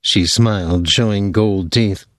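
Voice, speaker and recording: A man narrating an audiobook novel in a steady, plain reading voice. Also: fairly low pitch, slow, no echo, clean studio sound. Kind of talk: scripted narration.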